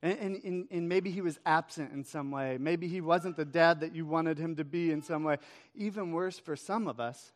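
A man in his thirties preaching a Father's Day sermon, telling a story with quick swings between loud and hushed. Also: a little high. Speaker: pastor. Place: church hall. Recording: echoey hall reverb.

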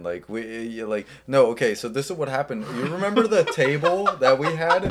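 A man's voice: mid-range voice, fairly quick, few pauses. A young man co-hosting a podcast among friends, telling a story in a profane, laughing, casual way. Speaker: podcast co-host.

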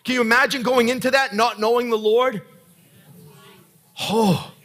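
A male pastor preaching with a high, bright voice that has a husky edge. He talks in an earnest, conversational way and turns often to the congregation with direct questions. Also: fairly even intonation, unhurried. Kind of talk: sermon.

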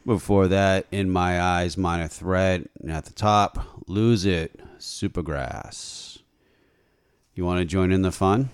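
Deep-voiced man hosting a radio show. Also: takes it slowly, smooth, no echo, studio quality. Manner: joking, deadpan wisecracks. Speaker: radio host. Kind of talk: casual on-air banter. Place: radio studio. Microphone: studio microphone.

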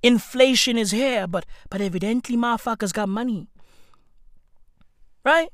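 A man's voice: high-pitched, no echo, clean studio sound. A young man doing a profane, rambling comedic monologue as a podcast host, tagging his lines with "right?". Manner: animated, swings up into shouts.

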